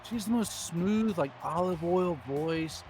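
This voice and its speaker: A man's voice: high voice, slow, a little mellow, soft background music. A man doing rambling, jokey play-by-play commentary on a baseball video game stream.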